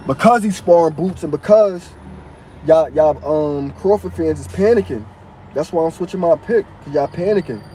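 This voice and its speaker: A man's voice: on the high side, dark tone, a little hiss or hum, poor audio. Slangy man chatting on a live stream. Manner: loose slangy street talk, reads chat comments aloud. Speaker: live-stream host reading chat. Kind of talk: casual live-stream chat.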